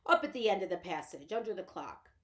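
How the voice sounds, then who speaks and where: Mujer poniendo voz de un padre diminuto, cansado y firme. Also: female voice, medium pitch, quick pace, close to an everyday voice. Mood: weary. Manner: flat, tired, rustic grammar. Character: weary steady tiny father borrower man.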